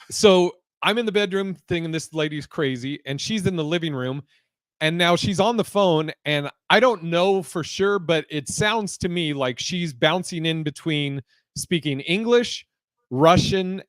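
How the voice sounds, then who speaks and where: A man co-hosting a podcast, telling a story in a casual, animated way, swearing and laughing often. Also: a little high, moderate pace, dry recording. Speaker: podcast co-host.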